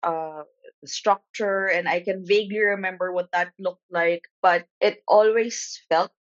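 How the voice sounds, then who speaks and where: A woman with a Filipino accent explains things conversationally in a lowish voice. The sound is dry and a bit dull, like a lo-fi remote recording. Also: steady tone, unhurried, no room sound. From Philippines. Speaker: podcast guest.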